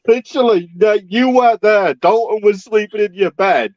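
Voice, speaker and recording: A man in casual chat, an animated storyteller who acts out the dialogue. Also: sits high, no room sound. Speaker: stream guest. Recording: dry, dull lo-fi audio.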